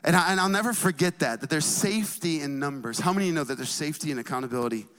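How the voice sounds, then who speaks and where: A young male pastor preaches to his congregation with lively, chatty energy and casual asides. His voice sits a little high for a man and carries a long hall reverb. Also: racing. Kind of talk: sermon.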